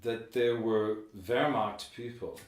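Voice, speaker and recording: A middle-aged man hosting a podcast in a room of an old building, chatting in a rambling, animated way that often trails off. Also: medium pitch, slow pace, distant mic. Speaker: podcast host. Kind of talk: casual podcast chat. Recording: roomy, from off the mic.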